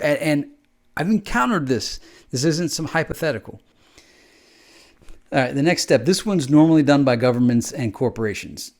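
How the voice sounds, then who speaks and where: A man hosting a podcast, talking in a rambling, conversational monologue and acting out quoted exchanges. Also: medium pitch. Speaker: podcast host. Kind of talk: casual monologue.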